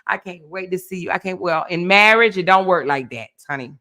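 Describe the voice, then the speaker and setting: A woman hosting a livestream. She chats casually with her viewers in an animated, teasing way and reads their comments aloud. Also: fairly low pitch, fairly quick. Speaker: livestream host. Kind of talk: casual chat with live viewers.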